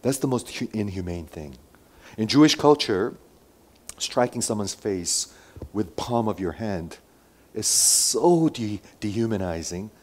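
A man's voice: on the low side, expressive, unhurried. Man preaching with big swings in volume. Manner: dramatic swings between loud emphasis and quiet asides; asks the listeners many rhetorical questions. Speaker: pastor. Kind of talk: sermon.

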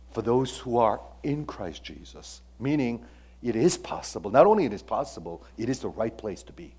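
Pastor preaching with dramatic loud-soft swings. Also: male voice, medium pitch, moderate pace, breathy edge. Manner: animated, swings between loud emphasis and quiet asides; asks the audience questions, frequent "okay?". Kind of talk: sermon.

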